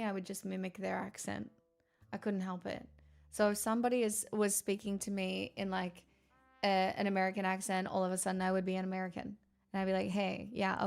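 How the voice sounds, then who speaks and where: A woman who streams and chats with viewers. She talks in a candid, rambling way, swears, and laughs often. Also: mid-range voice. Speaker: live streamer reading chat. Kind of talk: casual chat.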